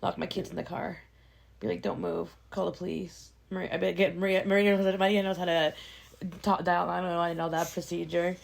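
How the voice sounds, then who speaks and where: A woman's voice: lowish voice, brisk, gravelly. A woman in her thirties co-hosting a podcast, chatting casually and acting out the people in her stories. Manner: animated storyteller who acts out quoted voices. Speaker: podcast co-host. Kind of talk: casual chat.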